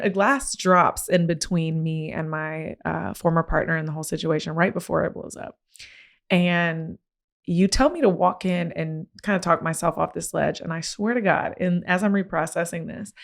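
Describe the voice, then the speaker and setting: A woman's voice: moderate pace, gravelly. A woman hosting a podcast, telling a personal story in a candid, slangy way, her voice climbing when she gets worked up. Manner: animated, rising pitch when excited; casual, slangy. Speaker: podcast host.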